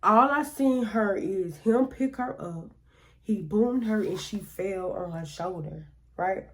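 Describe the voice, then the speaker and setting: A woman's voice: medium pitch, slow. A woman telling a personal story in a casual, slangy way, often acting out what other people said. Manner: slangy, conversational, acts out quoted voices. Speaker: storytime vlogger.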